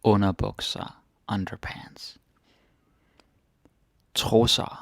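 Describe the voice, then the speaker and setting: A man teaching vocabulary, repeating each word slowly and adding "eh?" after his explanations. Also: lowish voice, steady tone, fairly bright tone, no echo, whispered, studio quality. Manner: slow, repeats each word, tags phrases with "eh?" and "ikke?". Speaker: Danish language teacher. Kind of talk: language lesson, repeating words with translations.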